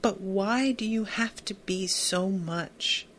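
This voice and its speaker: A woman voicing a worried middle-aged immigrant father, quiet and earnest, in a podcast recap. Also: mid-range voice, takes it slowly, a little hiss or hum.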